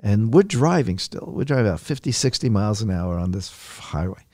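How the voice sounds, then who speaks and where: A man with a gravelly, creaky voice tells a long story as an interview guest. He rambles and restarts often, and the sound is dry and close. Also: on the low side, sing-song, a little fast, no echo. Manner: rambling, many restarts, acts out quotes loudly. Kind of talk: casual anecdote telling.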